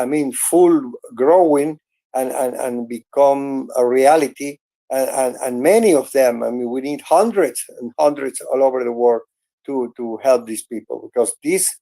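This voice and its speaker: Earnest gravelly man. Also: mid-range voice, mellow. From Venezuela. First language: Spanish. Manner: earnest, halting, with many restarts and "I mean". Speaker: host. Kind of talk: casual chat in an online audio room.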